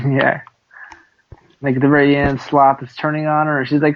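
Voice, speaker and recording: A man's voice: a little high, flat delivery, normal speed, long pauses, dull audio. A man co-hosting a casual podcast, joking and teasing his friend, rambling with fillers. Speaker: podcast co-host. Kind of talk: casual chat.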